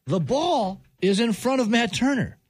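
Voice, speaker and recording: A man's voice: very high-pitched, expressive, unhurried, husky, no room sound. A male sports talk host in an exasperated rant, hammering the same point over and over. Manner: exasperated, repeats points with emphasis.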